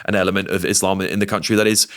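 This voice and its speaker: Brief: British male podcast guest, emphatic and animated, quick talker. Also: deep voice, clear, resonant tone. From Britain. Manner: emphatic, animated opinion-giving. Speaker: guest, TV presenter. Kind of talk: casual podcast conversation.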